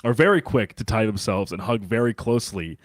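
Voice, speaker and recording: A man's voice: fairly low pitch, expressive, fairly quick, no room sound, studio quality. A man co-hosting a sports podcast in casual chat, rambling with many fillers and restarts. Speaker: podcast co-host.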